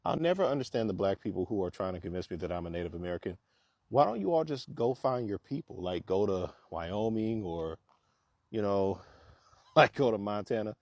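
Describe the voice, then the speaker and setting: A man's voice: lowish voice, lively intonation, fairly quick, a little mellow, dry recording, dull audio. A man giving a conversational, lecturing explanation while walking outdoors. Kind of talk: casual explanatory talk.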